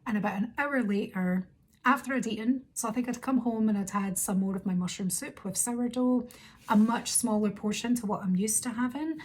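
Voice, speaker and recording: A young woman vlogger telling a story in a casual, rambling, animated way, quoting her own thoughts. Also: a little high, a little fast. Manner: rambling, animated retelling with quoted inner thoughts.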